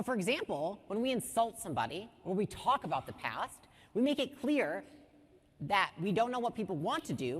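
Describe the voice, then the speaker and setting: A woman in her thirties giving an energetic business workshop, blunt, swearing casually and asking her audience questions. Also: mid-range voice, big-room sound. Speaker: business speaker teaching a workshop.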